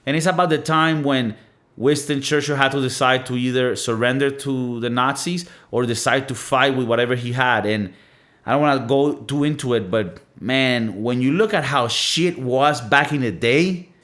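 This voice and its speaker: A man's voice: mid-range voice, normal speed, a bit bright. Blunt, cussing man from Venezuela. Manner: blunt, profane, emphatic with lots of fillers. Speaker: podcast host. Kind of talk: casual monologue.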